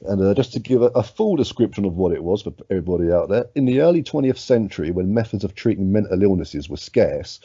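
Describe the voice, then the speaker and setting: A man's voice: lowish voice, expressive, fast, hardly any pauses, dark tone, breathy edge, dry recording, dull audio. A man co-hosting a casual podcast, sweary and laid-back, reading odd facts aloud. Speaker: podcast co-host.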